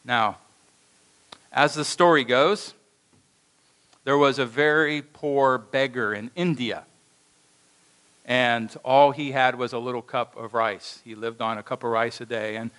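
A man's voice: medium pitch, low-quality recording. A male pastor delivering a sermon in a church, telling a story and acting out its voices with animation. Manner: animated storytelling with acted quotes.

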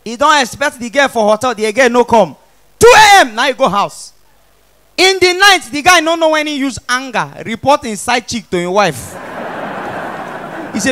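High-voiced Nigerian stand-up comic. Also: male voice, expressive, brisk. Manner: playful, loud, mixing pidgin with English. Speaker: stand-up comedian. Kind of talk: stand-up comedy set. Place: comedy stage before an audience.

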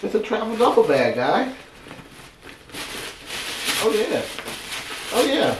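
A man with an Ohio accent unboxes fan mail for his vlog, his high voice very animated as he exclaims emotionally and repeats himself. He talks slowly and pauses often. The audio sounds echoey, with a distant mic and background noise.

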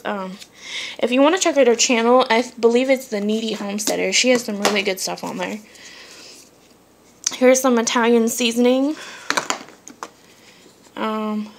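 A woman's voice: fairly high pitch, background noise. A woman vlogger chatting casually as she shows her grocery haul, filling her talk with ums and asides. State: briefly out of breath. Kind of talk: casual chat.

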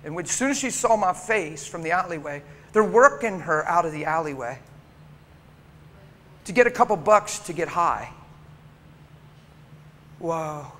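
A man's voice: fairly high pitch, animated, measured pace, long pauses, sharp tone. A male preacher delivering an emotional, story-driven sermon in a church, acting out the people in his stories. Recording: long church reverb, faint background noise.

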